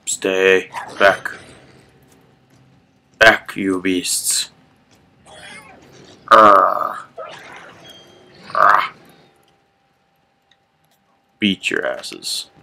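A man puts on a gruff caveman warrior from a primitive age, slow and grunting, with a low voice. He sounds bright and forceful and drags out his threats as he talks through a game. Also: level tone, full character voice. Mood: menacing.

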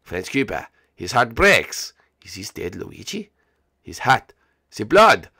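A man's voice: lowish voice, very animated, slow, bright, forceful tone, breathy edge, no room sound, clean studio sound, full character voice. Man putting on a hammy French Koopa. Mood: dramatic. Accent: mock French. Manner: broken English, hammy, self-important. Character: boastful French-accented male Koopa turtle, vain and silly. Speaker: regular character in a series. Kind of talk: Minecraft role-play.

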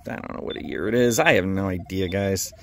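A man's voice: deep voice, a little fast, vocal fry, slight background noise. A man hosting a metal detecting vlog, narrating casually on the spot outdoors at a dig site and cheering on his friends in an upbeat way.

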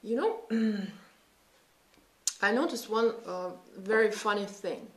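Taking it slowly in a mid-range voice, a woman in her thirties with a Russian accent talks through a makeup tutorial as a beauty vlogger. She chats casually and thinks out loud, and the room sounds echoey.

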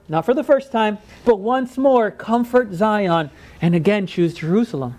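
A male pastor delivers a sermon with a strikingly high voice. He talks in a conversational way, often checking in with "right?". He acts out quoted lines in lively voices. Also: measured pace. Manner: conversational, keeps asking "right?".

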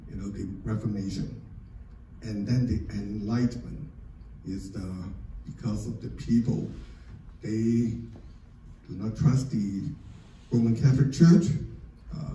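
A man's voice: lowish voice, dark tone. A man giving an informal lecture on architecture over slides, chatty and full of "you know" and "okay?" asides. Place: church hall or lecture room. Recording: very echoey room, mic far off.

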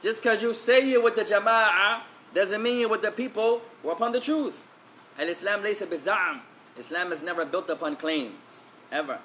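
A man's voice: high-pitched, bright, forceful tone, slight background noise. A man giving an emphatic religious lesson, repeating key phrases and switching between English and Arabic. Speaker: Islamic teacher.

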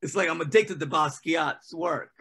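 Bright-voiced man chatting loosely. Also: fairly high pitch, normal speed, breathy edge. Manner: loose and conversational, heavy on "you know". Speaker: poet and guest. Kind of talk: casual interview answers.

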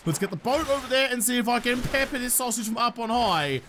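A man's voice: extremely high pitch, expressive, quick pace, noisy background. A man giving chatty, self-mocking solo gameplay commentary, swearing now and then. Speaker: gaming YouTuber.

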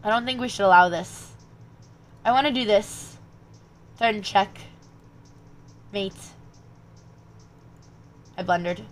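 Streaming chess, a young woman with a mid-range voice thinks her moves aloud slowly, pausing often, with a little hiss or hum in the audio. She mutters calculations, then breaks off into bursts of animated chat with her viewers.

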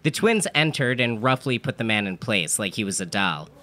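A man's voice: lowish voice, big pitch swings, moderate pace, pushed and bright. A man telling an absurd comedic story in a dry, matter-of-fact manner. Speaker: narrator.

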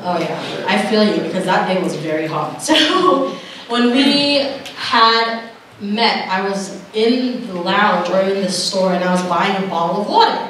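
A woman's voice: medium pitch, animated, a little slow. Young woman giving a heartfelt testimony from a stage, caught from far off in a reverberant hall. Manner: earnest storytelling with laughs and acted-out dialogue. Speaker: camp speaker. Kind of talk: personal testimony message. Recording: echoey hall from far off, noisy.

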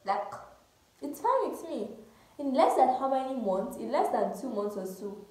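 High-voiced woman in echoey room. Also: big pitch swings, a little slow, warm tone. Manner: chatty, repeats words, addresses viewers as girls. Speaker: vlogger. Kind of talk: casual storytime monologue.

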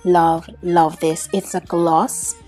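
A woman's voice: on the low side, flat delivery, takes it slowly, warm tone, husky, faint music behind. A young woman from Trinidad doing a put-on British accent, chatty and gushing as she voices over a makeup tutorial. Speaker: beauty vlogger.

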